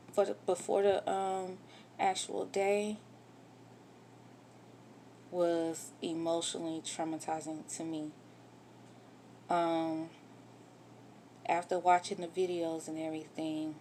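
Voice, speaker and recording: In a vlog, a woman candidly recounts her own story, growing emotional and swearing when she gets upset. Her voice is on the low side and a little mellow, with slight background noise in the recording.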